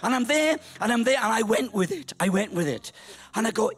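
Older guy preaching, kinda high husky voice, jokey and fired up. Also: brisk. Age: 60s. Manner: lively, humorous, builds to shouted peaks. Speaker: pastor. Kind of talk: storytelling sermon.

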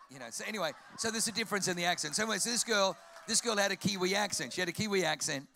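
A man with an Australian accent preaching a sermon, telling jokey stories in an animated way. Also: high-pitched, rapid-fire, few pauses, a little hiss or hum. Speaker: pastor.

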